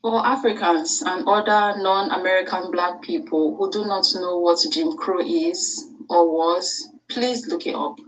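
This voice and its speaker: A woman's voice: lowish voice, a little slow, few pauses. Woman, direct spoken commentary, appealing to listeners, distant mic. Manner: direct, appealing to her people.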